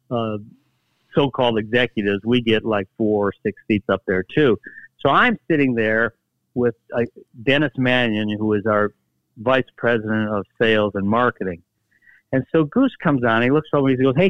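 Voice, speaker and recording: An older man, a guest, telling stories in a casual interview, acting out quotes with halting restarts. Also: lowish voice, dry recording, muffled recording. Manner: animated anecdotes, acts out quotes, halting restarts. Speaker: guest storyteller, former team executive.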